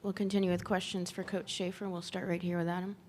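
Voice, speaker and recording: A woman moderating a press conference with brisk, businesslike announcements. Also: fairly low pitch, little pitch movement, darkish tone, a little hiss or hum. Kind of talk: moderating questions.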